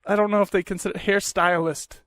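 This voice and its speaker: A young man hosting a casual podcast, telling stories in an animated, profane and self-mocking way into a close mic. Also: sits high, brisk, dry recording. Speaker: podcast host. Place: small room at home.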